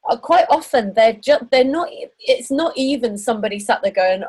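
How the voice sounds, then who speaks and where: A woman hosting a podcast and coaching her guest in casual interview chat, chatty and quick to laugh. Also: fairly high pitch, husky, rough recording. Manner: chatty, laughs often, animated.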